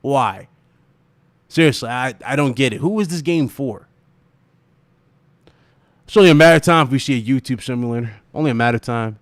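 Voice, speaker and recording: A man hosting a gaming livestream, ranting and laughing in animated, profane casual chat. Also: medium pitch, a little fast, pauses often, dry recording.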